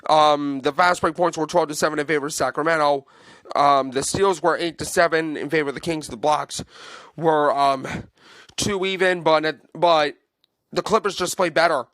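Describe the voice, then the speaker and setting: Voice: mid-range voice, steady tone, normal speed, a bit bright, no echo. A sports podcast host giving an opinionated, emphatic take on a basketball game, repeating points for force. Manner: emphatic and repetitive, hammering points home; fan venting, then reading out game stats.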